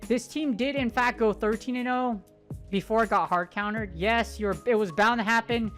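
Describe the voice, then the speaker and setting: Excitable higher-voiced woman gaming commentator. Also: normal speed, soft background music. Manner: excitable, joking, swears casually. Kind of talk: casual gameplay commentary.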